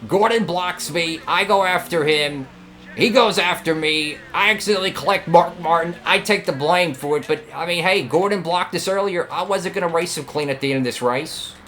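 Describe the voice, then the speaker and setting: A young man commentating his own racing game run, excitable and talking at the other drivers. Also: on the high side, moderate pace, slight background noise. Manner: excitable, talks to rival drivers, frequent outbursts. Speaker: gaming channel host.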